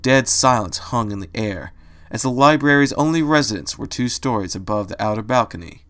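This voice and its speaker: Male narrator, mid pitch, steady storytelling reader. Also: brisk. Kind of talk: reading fan fiction aloud.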